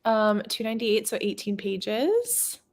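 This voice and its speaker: A woman's voice: mid-range voice, big pitch swings, unhurried. Bubbly giggly young woman hosting. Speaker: booktube livestream host. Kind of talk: casual chat while reading chat messages.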